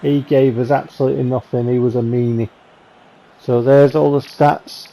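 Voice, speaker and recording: A man talks over football game highlights in a loose, rambling way, dry and wry about his own mistakes. His voice is gravelly, with a dark, mellow tone. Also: flat delivery, normal speed, low-quality recording. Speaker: gaming channel host. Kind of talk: casual game highlights commentary.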